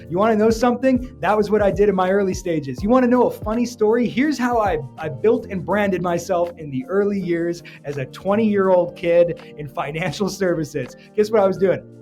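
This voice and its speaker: A man, an entrepreneur giving energetic, joking business advice straight to camera. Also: sits high. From Canada. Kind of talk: motivational business talk to camera.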